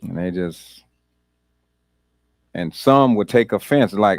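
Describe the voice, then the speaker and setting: A man's voice: on the low side, expressive, slow, no echo, studio quality. A man pastor leading a Bible study, talking conversationally, repeating words and laughing easily.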